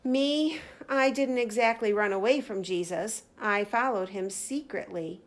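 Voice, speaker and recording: A woman teacher reading a children's Bible story aloud with slow, deliberate drama. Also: on the high side.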